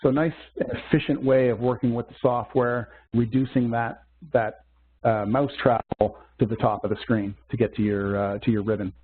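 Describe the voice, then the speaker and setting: A man teaching a software demo in a webcast, walking through steps methodically with small fillers. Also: medium pitch, steady tone, moderate pace, slight background noise. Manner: methodical step-by-step explaining with fillers. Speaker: software instructor. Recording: tinny phone-like webcast audio.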